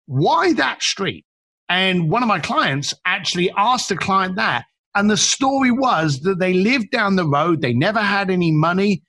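A man speaks as a podcast guest, with a bright, slightly husky voice. He tells his stories with energy and acts out the people in them. His pitch sits fairly high and swings widely. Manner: acts out quoted people, emphatic, repeats words. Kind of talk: animated storytelling.

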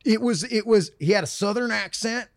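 A man's voice: high-pitched, brisk, no room sound, clean studio sound. A man, co-hosting a podcast, telling stories animatedly and acting out what people said. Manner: animated storyteller, acts out quotes, swears freely. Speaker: co-host. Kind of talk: casual podcast chat.

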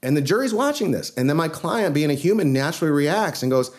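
A man, a trial lawyer guest on a podcast, telling a case story in an earnest, animated way. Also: on the high side, fairly quick, few pauses.

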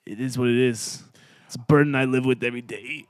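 A man's voice: medium pitch, fairly even intonation, brisk, dry recording. Self-deprecating man role-playing a hacker. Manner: self-deprecating, apologetic, laughing. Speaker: player voicing a character. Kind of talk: improvised tabletop role-play.

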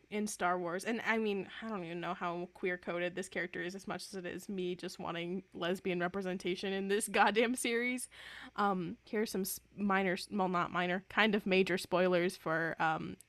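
A woman's voice: medium pitch, fairly bright tone, no echo. A woman co-hosting a podcast in casual fan chat, rambling and often correcting herself. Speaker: podcast co-host.

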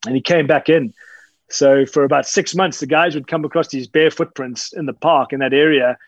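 A man's voice: a little high, moderate pace, dry recording. Casual interview guest, a man, rambling, dry and slightly dull sound. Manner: relaxed, rambling, frequent fillers and restarts. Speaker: interview guest, dog handler and tracker.

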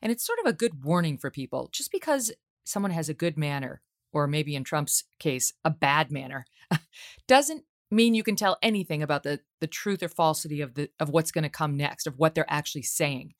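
A woman's voice: low voice, expressive, a little fast. A woman hosting an interview podcast, talking in an incredulous, pointed way. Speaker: podcast host. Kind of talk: interview conversation.

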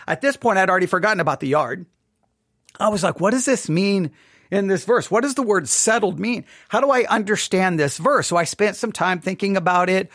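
A man's voice: high voice, a bit bright, dry recording. A man telling a chatty, self-deprecating story as the host of a casual devotional podcast recorded in his home studio. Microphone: studio microphone.

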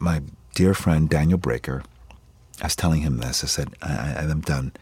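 A very deep, husky male voice, recorded close and dry on a studio mic. He tells stories in a radio interview with lively energy and acts out the people he quotes. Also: fairly quick, no echo. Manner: animated storyteller acting out quoted voices. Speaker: actor guest.

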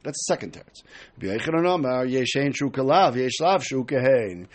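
A man's voice: mid-range voice, sing-song, fairly quick. A man teaching a Talmud study lecture, explaining step by step and acting out the speakers he quotes.

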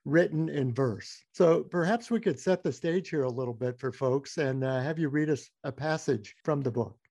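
A male interviewer with a slightly high voice guides the conversation with friendly questions. His sound is close and dry, with no room around it. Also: moderate pace, darkish tone, no room sound. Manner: friendly, guiding questions for listeners. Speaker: interviewer host. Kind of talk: radio interview.

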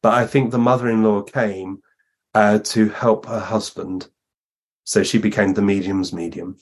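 A man, a guest medium, telling lively anecdotes in a podcast interview and acting out the voices he quotes. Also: on the low side, a little slow, slightly rough.

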